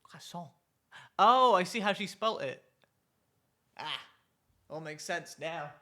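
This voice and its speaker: A man's voice: high voice, animated, slow, bright, forceful tone. A man dropping into a stream with casual, teasing banter. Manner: teasing, joking.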